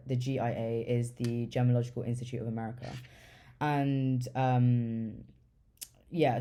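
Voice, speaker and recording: A woman's voice: very deep voice, warm tone. A young woman chats through a storytime vlog in a loose, rambling way. Her talk is full of swearing and casual fillers. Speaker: vlogger.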